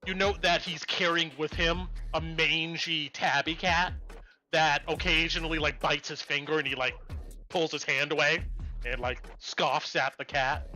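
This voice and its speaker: A man's voice: a little high, sharp tone. A man narrating as game master of a tabletop game, rambling with lots of likes and ums.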